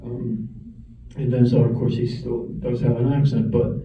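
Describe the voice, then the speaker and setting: An older film director with a Toronto accent, giving measured, wry interview answers with frequent restarts. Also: male voice, medium pitch, flat delivery, echoey room, distant mic, highs cut off, noisy background.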